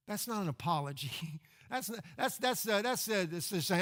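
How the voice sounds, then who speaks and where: High-voiced man preaching conversationally. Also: expressive, a little fast, fairly bright tone. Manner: conversational, rhetorical questions, repeats words. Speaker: pastor. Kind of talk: expository sermon. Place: church sanctuary.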